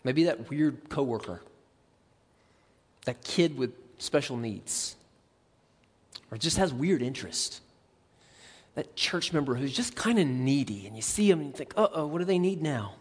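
A man preaching a sermon as a pastor, conversational and animated, acting out quick asides. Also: medium pitch, husky, long reverb tail.

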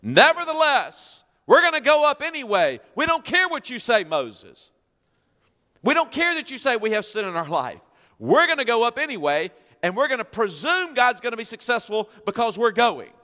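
A man's voice: very high-pitched, sing-song, normal speed, pushed and bright, in a large hall, voice pushed up, full character voice. A man voicing stubborn ancient Israelite men in a mocking, headstrong tone. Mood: defiant.

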